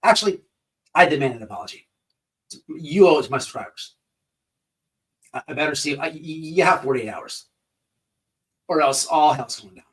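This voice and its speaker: A man's voice: on the high side, expressive, moderate pace, long pauses, distant mic, poor audio. Profane, confrontational male commentary host. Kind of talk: ranting commentary.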